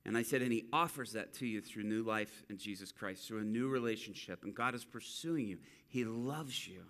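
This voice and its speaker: Bright-voiced man preaching a story. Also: lowish voice, normal speed. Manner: animated storyteller acting out quotes. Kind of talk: sermon storytelling.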